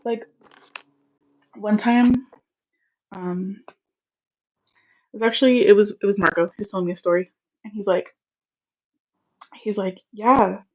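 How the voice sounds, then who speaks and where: A woman's voice: mid-range voice, steady tone, measured pace, long pauses, darkish tone. Woman, 30s, casual live-stream co-host, chatty storyteller, lo-fi audio. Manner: chatty storyteller, laughs easily. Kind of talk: casual chat.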